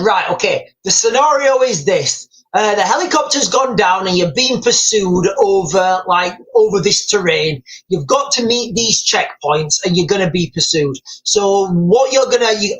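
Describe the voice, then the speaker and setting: A man's voice: sits high, a bit bright, poor audio. A middle-aged man hosting a casual live stream, telling rambling stories and calling his viewers guys, with many restarts.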